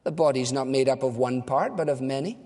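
A man's voice: mid-range voice, a little fast, darkish tone, in a large hall. A man preaching a sermon as a pastor, earnest and direct, asking and answering rhetorical questions.

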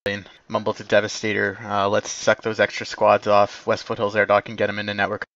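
A man runs his team over voice chat, snapping out short radio-style orders. His voice sits low and barely moves in pitch. The capture is dry and muffled. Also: completely flat delivery, brisk, a bit bright, no room sound. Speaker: game commander. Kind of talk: voice comms, giving orders.

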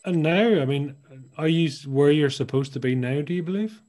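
A man's voice: fairly high pitch, a little fast, darkish tone. A man hosting a podcast interview, probing with questions and thinking aloud, sometimes acting out little scenes. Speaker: podcast host. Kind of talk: conversational interview.

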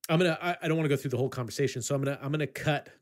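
A man co-hosting a casual podcast, telling an animated story with halting restarts and laughing asides. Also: medium pitch. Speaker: podcast co-host.

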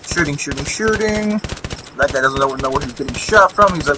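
A man's voice: fairly high pitch, animated, normal speed, sharp tone, slight background noise, rough recording. A young man giving live gameplay commentary, rambling, swearing and chuckling at enemies, with game gunfire behind him. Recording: faint gunfire and vehicles behind. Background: game gunfire and explosions.

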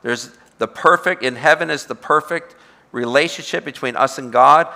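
Bright, emphatic pastor teaching in a hall. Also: male voice, mid-range voice, normal speed, creaky. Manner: emphatic, repetitive, asks the room questions. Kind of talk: bible study teaching.

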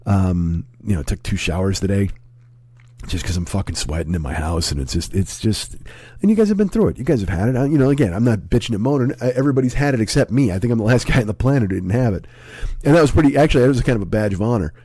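A man in his forties with a hoarse, sick voice, rambling and swearing through a casual podcast monologue at home. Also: lowish voice, lively intonation, fast, dark tone, no echo. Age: 40s. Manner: profane, rambling, self-deprecating. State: hoarse, sick with a sore throat. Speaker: comedy podcast host.

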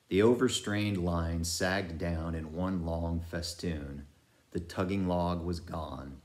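Slow, low-voiced male storyteller. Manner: measured, expressive storytelling. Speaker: audiobook reader. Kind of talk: classic novel narration.

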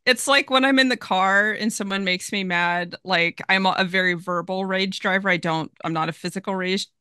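A woman's voice: mid-range voice, moderate pace, sharp tone, clear, resonant tone, no room sound, studio quality. A woman hosting a podcast, chatting frankly and casually with a guest. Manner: chatty, frank, laughs easily. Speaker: podcast host. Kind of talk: casual conversation.

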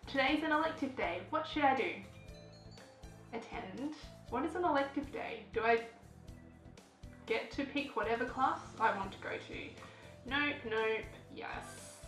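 A woman hosts a casual let's play, giggling and chatting as she reads the game text aloud. Her voice is high and fairly bright, unhurried, with long pauses. The room is echoey, and background music plays.

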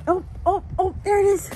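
A woman in her thirties filming her dogs at home, animated and laughing often as she coaches children. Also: very high-pitched. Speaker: dog owner filming her pets. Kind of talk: casual home video narration. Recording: noisy home video recording.

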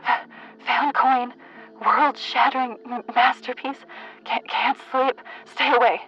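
A manic British archaeologist gasps and stammers out his words, as a woman puts him on. He sounds out of breath and panicked, his voice husky and pitched a little high. The sound is a muffled, lo-fi audio transmission. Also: fairly even intonation, takes it slowly, fairly bright tone, faint music behind, heavily acted. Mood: frantic. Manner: stammering, frantic.

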